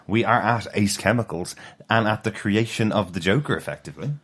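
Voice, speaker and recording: Deep, fast-talking male podcast co-host. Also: a bit bright, slightly rough. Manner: brisk, matter-of-fact, many agreeing murmurs. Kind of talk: casual review chat.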